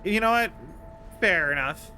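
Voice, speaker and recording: A man's voice: high-pitched, animated, measured pace, pushed and bright, faint music behind. A young man streaming a game, chatting casually in a rambling, playful way that keeps stopping and restarting. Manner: rambling, self-interrupting, playful. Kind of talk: casual gameplay commentary.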